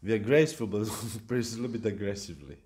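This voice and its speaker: A man giving a devotional lecture at a temple, speaking in a halting way with fillers and restarts. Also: on the low side, animated, darkish tone. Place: temple hall.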